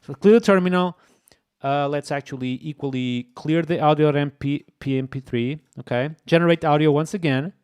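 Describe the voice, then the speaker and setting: A man hosting a live coding stream, excitable and exclaiming as he talks to his chat. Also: fairly high pitch, normal speed, clean tone. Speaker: streamer, host.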